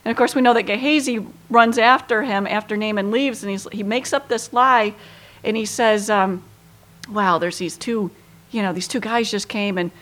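A woman's voice: medium pitch, steady tone, normal speed, a bit bright. A woman teaching a Bible passage in a conversational way, with frequent fillers and acted-out quotes. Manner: conversational, lots of you-knows, acts out quoted lines with feeling.

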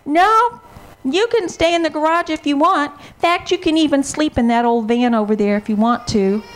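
A woman's voice: high voice, normal speed, pitched above the performer's own voice, close to an everyday voice, low-quality recording. A woman storyteller voicing a friendly, obliging male mechanic in a children's story.

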